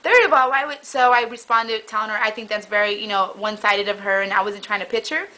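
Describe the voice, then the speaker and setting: A young woman vlogging in casual chat, rambling through an animated story. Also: mid-range voice, fast, poor audio. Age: young adult.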